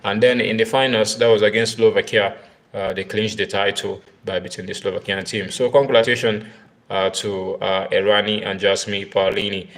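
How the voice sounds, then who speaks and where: A man talks tennis on a live video in a low, gravelly voice. He speaks in halting bursts full of fillers and repeated words. He keeps turning to his viewers to ask for their comments. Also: flat delivery. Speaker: tennis live-stream host. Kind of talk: casual live-stream commentary.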